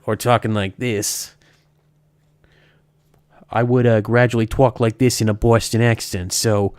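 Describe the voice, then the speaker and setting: A man's voice: fairly low pitch, darkish tone, no room sound. A man chatting casually on a live stream, rambling and correcting himself as he goes, with frequent chuckles. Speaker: streamer, horror story reader.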